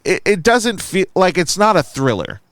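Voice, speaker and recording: Man co-hosting a movie review podcast, animated, fairly high, smooth and clear, dry close sound. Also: moderate pace, dry recording. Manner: animated, reads review aloud, quizzical. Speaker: podcast co-host. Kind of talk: casual movie review chat.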